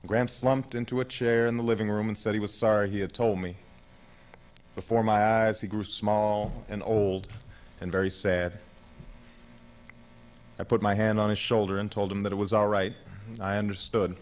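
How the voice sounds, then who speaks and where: A man in his thirties reads his own memoir aloud in a measured, reflective audiobook narration. His voice sits low and steady, unhurried and thoughtful. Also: poor audio. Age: 30s.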